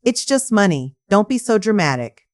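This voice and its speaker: A woman voicing an irritated grown son on the phone, speaking in a flat, dismissive tone. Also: medium pitch, moderate pace, lightly acted.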